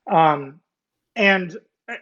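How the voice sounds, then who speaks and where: Over muffled video call audio, a former Navy nuclear technician from the United States, in his forties, recounts his story in a casual interview. His high-pitched voice is pushed and bright, with lively intonation and drawn-out words. He rambles with lots of fillers and restarts, nerdy and self-deprecating, joking about being a nerd.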